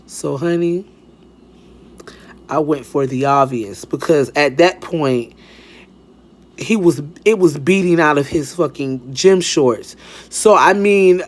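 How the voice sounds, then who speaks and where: Sassy, animated man telling a story. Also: measured pace. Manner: sassy, animated, lots of swearing and pitch swings. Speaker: storytime vlogger. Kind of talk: casual storytime.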